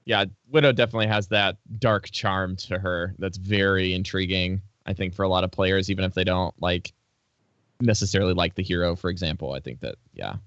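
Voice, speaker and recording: A man's voice: deep voice, steady tone, fairly quick, a bit bright, no room sound, lo-fi sound. A man co-hosting an interview, asking rambling, hedging questions. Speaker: podcast co-host. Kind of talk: casual interview chat.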